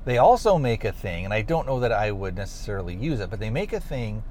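A man with a fairly low voice talks through a casual solo podcast in a chatty, rambling way, stopping to correct himself mid-thought. He records while driving, on a lavalier clipped to his seat belt inside a truck. Steady road noise sits clearly under his voice. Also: fast talker. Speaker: podcast host.

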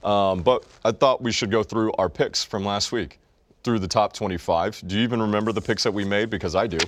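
A man's voice: fairly low pitch, steady tone, fairly quick, no room sound. A young man co-hosting a podcast, chatting casually and sarcastically about sports. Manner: wisecracking, sarcastic. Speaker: podcast co-host.

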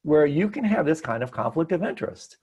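Husky-voiced man teaching, animated. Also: fairly high pitch, fairly quick, muffled recording. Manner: animated storytelling, laughs often. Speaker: meditation teacher. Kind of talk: online teaching talk. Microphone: video call.

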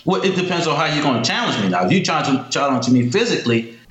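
A man's voice: on the high side, sing-song, fast, a bit bright. Emphatic man in an echoey room. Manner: storytelling, emphatic, repeats himself. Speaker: guest. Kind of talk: casual interview talk.

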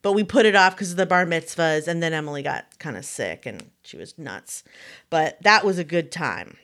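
A woman's voice: low voice, normal speed. A woman in her early forties, co-hosting a casual chat and telling stories animatedly while acting out what people said. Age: 40s. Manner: animated storyteller who acts out quotes. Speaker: podcast co-host.

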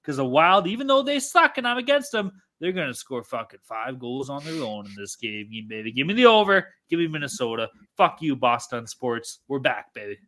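A man co-hosting a hockey betting podcast, ranting loudly with constant profanity and brash trash talk. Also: mid-range voice, lively intonation, moderate pace, few pauses. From Canada. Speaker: podcast co-host. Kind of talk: profane sports betting rant.

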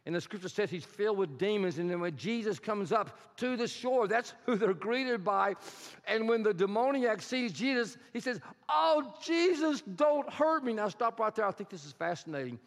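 A male pastor preaching a sermon in a church, telling a story with animated, rising emphasis. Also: high-pitched, moderate pace. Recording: long hall reverb.

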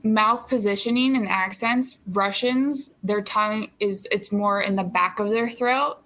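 A young actress as an interview guest, chatting casually with lots of fillers and frequent laughter. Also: female voice, mid-range voice, unhurried, a bit bright.

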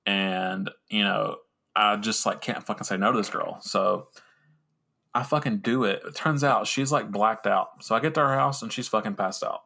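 A man's voice: fairly low pitch, fairly even intonation, normal speed, gravelly, pushed and bright. A young man hosting a podcast, telling a rambling, profane, self-mocking story in casual talk. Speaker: podcast host.

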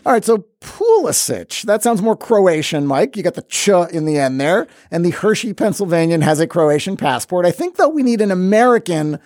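Wry, sarcastic podcast host, dry studio sound. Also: male voice, high voice, animated, a little fast, few pauses, a little mellow, no echo. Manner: sarcastic, playful. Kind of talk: wry sports podcast commentary.

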